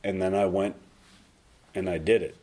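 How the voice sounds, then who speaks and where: A man's voice: low-pitched, fairly even intonation, moderate pace, darkish tone. A man telling his recovery story to a meeting, candid and self-mocking, with dry jokes at his own expense. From North Carolina. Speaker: recovery speaker.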